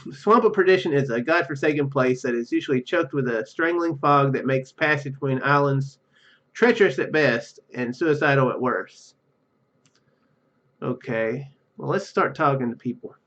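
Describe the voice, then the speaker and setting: A man's voice: medium pitch, normal speed, fairly bright tone, muffled recording. Joking man reading game text aloud. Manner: joking and self-deprecating, laughs at own jokes. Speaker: let's play host.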